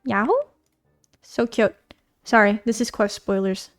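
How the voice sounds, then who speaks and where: A bubbly young woman rambles through casual game commentary, gushing with plenty of fillers. Her voice sits a bit high. Soft game music plays underneath. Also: normal speed. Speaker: gaming YouTuber.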